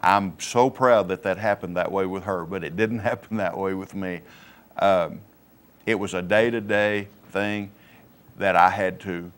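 A man sharing his personal faith testimony on a Christian TV program, plainspoken and halting. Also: sits low, fairly even intonation, smooth. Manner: plainspoken, halting, many fillers. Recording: local cable TV studio.

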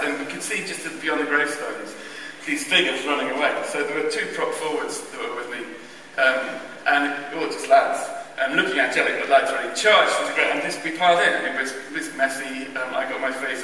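A man with a fairly high voice spins a wry, self-deprecating anecdote for a church crowd. He is picked up from well back, and his words ring through a long, echoing hall. Faint room murmur sits behind him. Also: pushed and bright, a little hiss or hum. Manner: wry, self-mocking, chuckling anecdotal delivery. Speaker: speaker at a church carol event. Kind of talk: humorous storytelling to an audience. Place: large church. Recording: distant echoey church recording.

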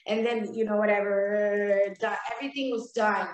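Animated woman telling a story, echoey room. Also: mid-range voice, moderate pace, a little hiss or hum. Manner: animated, laughing, acts out her own lines. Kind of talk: casual storytelling on a live stream.

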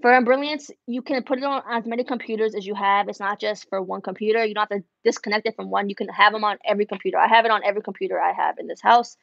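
A woman's voice: medium pitch, fairly even intonation, quick pace, vocal fry, few pauses, fairly bright tone, dry recording, highs cut off. A woman who runs an embroidery business, chatting casually as she answers viewer questions and switches between English and Spanish, laughing at herself. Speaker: embroidery business owner answering live chat. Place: home embroidery studio.

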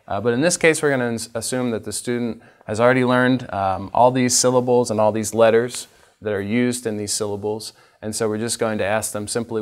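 Man, lowish voice, literacy trainer, patient step-by-step teaching. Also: moderate pace. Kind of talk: instructional training talk.

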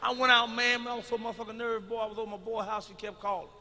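A middle-aged man performing a stand-up comedy routine, telling stories loudly and with plenty of profanity. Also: high voice, little pitch movement, racing, a little hiss or hum. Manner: loud, profane storytelling. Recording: live arena recording with long reverb.

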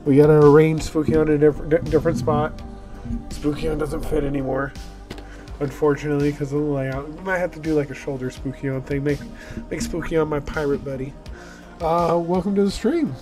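A man's voice: a little high, fairly even intonation, brisk, over music. A man hosting his livestream while sick with a cough, chatting upbeat about giveaways. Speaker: streamer host. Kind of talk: casual livestream chat.

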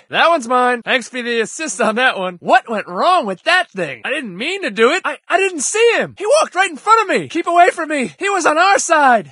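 A man voicing a panicky, cowardly ship crewman in a video game, yelling frantic combat lines. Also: extremely high pitch, no echo, clean studio sound, full character voice. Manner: shouted frantic panicky outbursts. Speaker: game character.

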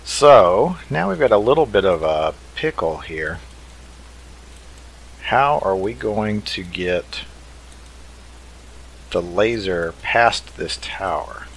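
A man's voice: deep voice, lively intonation, slow pace, vocal fry, pauses often, slight background noise, poor audio. A man hosting a let's play, thinking aloud in an easygoing way as he builds. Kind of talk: casual game commentary.

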